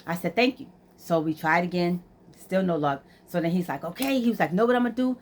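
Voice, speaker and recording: A woman's voice: on the low side, animated, fairly quick, a little hiss or hum. A woman, casually telling a story to her vlog audience and acting out both sides of the conversations. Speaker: vlogger.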